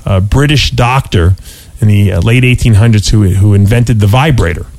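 A man with a fairly low, darkish voice co-hosts a podcast, chatting casually at a normal speed in a dry recording. He rambles through stories full of restarts, fillers, and plenty of "you know."

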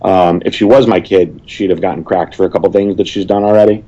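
A man with a very low voice talks plainly and sternly in a casual chat, hesitating with fillers along the way. The audio is dull and lo-fi. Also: fairly even intonation, a little fast, warm tone. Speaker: guest.

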